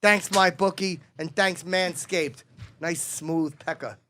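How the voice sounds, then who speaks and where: A man playing a crude, blustering man-child host with a high, reedy voice. He mumbles his way through sponsor reads and jokes in a brash, careless manner. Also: steady tone, slow pace, pushed and bright, slight background noise, exaggerated voice. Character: Chip Chipperson, crude dim-witted man-child host. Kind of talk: comedic podcast character.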